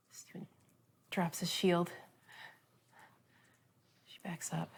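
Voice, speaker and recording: A woman pitching a storyboard, acting out scenes in a quick, playful way. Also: steady tone, a little hiss or hum.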